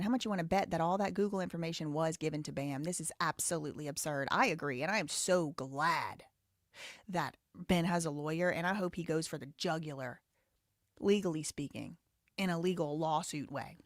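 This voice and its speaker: A woman's voice: a little fast, no room sound, studio quality. A woman from the Southern US hosting a live stream, reading super chats and giving blunt, outspoken commentary. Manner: blunt, outspoken, rising loud and high when heated. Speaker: livestream host.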